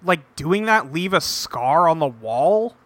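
A man with a fairly high voice co-hosts a podcast, speaking slowly as he casually recaps a TV episode. He's animated and acts out the characters' lines while retelling it. The recording is dry.

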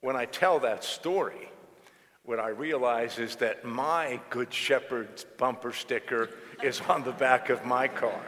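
A man preaching a sermon like someone telling a story, relaxed and unhurried. His voice sits mid-range and carries a long reverb around the church. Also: mid-range voice, a little hiss or hum. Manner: storytelling, conversational, animated. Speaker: pastor.

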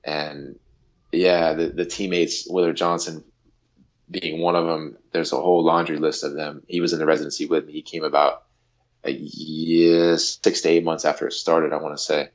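A man in his thirties from the United States, a guest on an interview show, telling a story in a casual, lively way and acting out quotes. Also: a bass voice, moderate pace, lo-fi sound. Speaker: guest, handball athlete.

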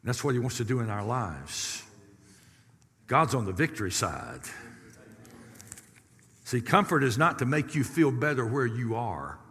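Preacher man, middle-aged, bright and forceful, folksy with big loud swells, long church-hall reverb. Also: medium pitch, a little slow, pauses often. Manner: lively preaching with sudden loud rises and folksy asides. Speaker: pastor. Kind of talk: sermon.

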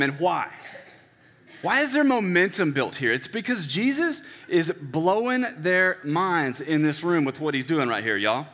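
A man preaching a sermon in a relaxed, conversational way, often checking in with the congregation. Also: a little high, moderate pace. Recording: echoey hall with long reverb.

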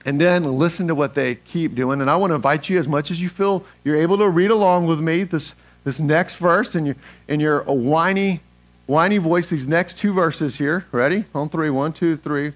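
A man preaching a sermon as pastor, animated, leading the congregation to read verses aloud with him. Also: on the high side, moderate pace.

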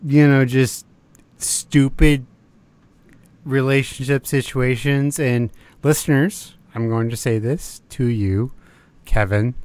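A man's voice: mid-range voice, steady tone, slow, darkish tone, clear, resonant tone, no room sound. A man from the American South co-hosting a podcast, rambling casually with frequent laughs and the odd curse. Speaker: podcast co-host. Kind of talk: casual chat.

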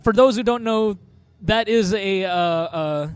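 High-voiced guy rambling through a movie plot, laughing a lot, dry mic. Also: unhurried, clean tone, dry recording. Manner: laughing often, rambling with fillers. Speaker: podcast co-host. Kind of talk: casual chat, recapping a movie.

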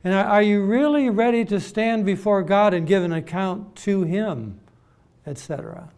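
A man preaching a sermon, emphatic and deliberate, repeating words as he builds his points. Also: high-pitched, darkish tone.

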